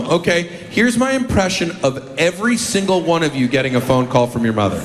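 A man doing stand-up comedy, animated and shouting his punchlines. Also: a little high, brisk, roomy sound, big-room sound. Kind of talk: stand-up routine. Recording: loud crowd and noise.

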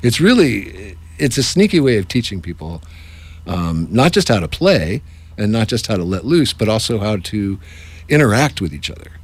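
A man who runs improv workshops, talking in a casual, jokey interview with animated asides. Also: fairly low pitch, moderate pace, slightly rough. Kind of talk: casual radio-style interview.

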